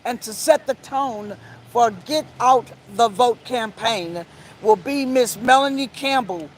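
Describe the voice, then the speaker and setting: A woman who founded an advocacy group, opening a press conference with a rallying speech that slows down for emphasis. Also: on the high side, a little hiss or hum, rough recording.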